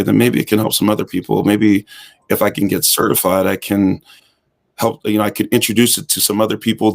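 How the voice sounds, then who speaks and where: Guesting on an interview show, a male hip hop fitness instructor with a fairly low, creaky voice tells his story in a casual way. He brings it to life by acting out the dialogue he quotes.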